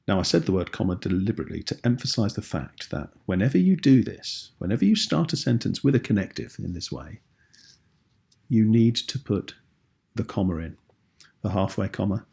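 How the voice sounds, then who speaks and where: A man with a British accent teaching a writing lesson in a patient, clear, explanatory way. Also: on the low side, darkish tone. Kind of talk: tutorial video lesson.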